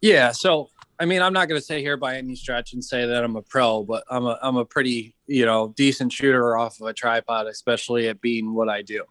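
Man, mid pitch, animated storyteller, casual podcast chat, dry close mic. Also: brisk, hardly any pauses, no echo. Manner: animated storyteller, acts out quoted voices. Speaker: podcast guest, veteran entrepreneur.

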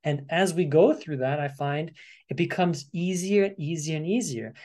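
A man hosting a podcast interview, talking in an expressive, animated way and sometimes acting out his inner voice. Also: a little high, normal speed. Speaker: podcast host. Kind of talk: conversational interview.

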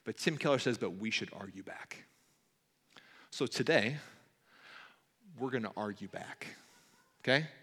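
A man preaching a sermon in an earnest way, now excited, now hushed, reading passages aloud. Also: medium pitch, measured pace, pauses often, slightly rough. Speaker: pastor.

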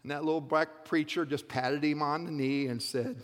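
A man preaching a sermon, building from a soft telling to loud, rhythmic repeated calls. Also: a little high, steady tone, moderate pace. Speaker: pastor. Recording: long hall reverb.

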